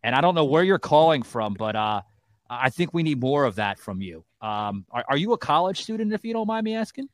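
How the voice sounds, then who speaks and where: Lively, teasing male talk show host. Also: on the high side, a little fast. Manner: teasing, animated, cuts in to steer the talk. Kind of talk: political talk show hosting.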